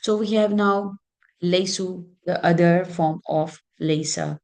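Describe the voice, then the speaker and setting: A woman teaching an Arabic grammar lesson, explaining slowly and patiently with many fillers. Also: lowish voice, darkish tone.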